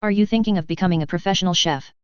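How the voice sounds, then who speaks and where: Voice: mid-range voice, very fast, smooth, no echo, dull audio, natural voice. A narrator reading a dry-humored schoolgirl.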